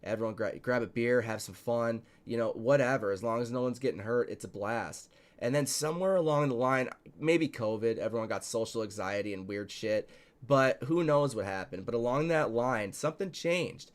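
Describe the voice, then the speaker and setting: Swearing a lot and hitting his points hard, a man spins stories while hosting a casual podcast chat as a show host and promoter. His voice is medium in pitch and his speed normal.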